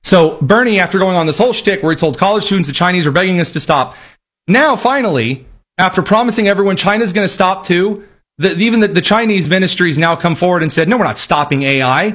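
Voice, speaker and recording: Husky guy ranting sarcastically, bit higher voice, opinion commentary. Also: animated, fast talker, a bit bright. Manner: sarcastic, emphatic rants. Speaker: political commentator.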